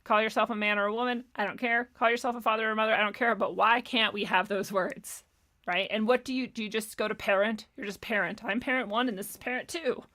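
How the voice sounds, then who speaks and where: A woman with a bright, higher voice delivering a sarcastic commentary rant. She sounds exasperated and swears freely, and she laughs between points. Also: fairly even intonation, fast. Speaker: commentary podcast host. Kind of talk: ranting commentary.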